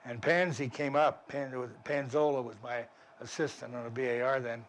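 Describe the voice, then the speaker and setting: Older male veteran, plainspoken storyteller, restarts often, medium pitch, faint hiss behind. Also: fairly even intonation, a little fast. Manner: vivid, plainspoken, with frequent restarts. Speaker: army veteran interviewee. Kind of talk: war memoir storytelling.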